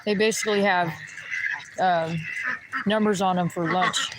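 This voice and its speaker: A man's voice: sits high, fairly even intonation, a little slow, very noisy. A man ranting in a rambling, indignant way while walking outdoors by a pond. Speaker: vlogger.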